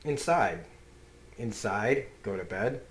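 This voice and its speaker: A man's voice: fairly low pitch, lively intonation, slow. A man reading out the lines of an angry teenage boy who defies his father, sounding wounded and defiant. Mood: confused. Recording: roomy echo.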